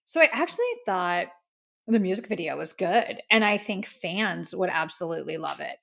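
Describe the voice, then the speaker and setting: A woman's voice: lowish voice, animated, moderate pace, creaky, fairly bright tone. A woman hosting a podcast, giving a casual, candid music review with plenty of fillers and opinions. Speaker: podcast host.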